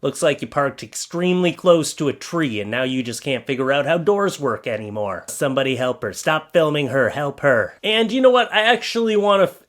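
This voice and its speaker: Male host, comedic reaction commentary, wry sarcastic asides, voice sits a bit high. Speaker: YouTube host.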